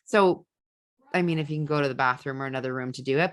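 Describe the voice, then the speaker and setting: Woman coach chatting about feelings, low voice, acts out the venting bits. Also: lively intonation, normal speed. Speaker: podcast host and ADHD parenting coach. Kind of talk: casual advice talk.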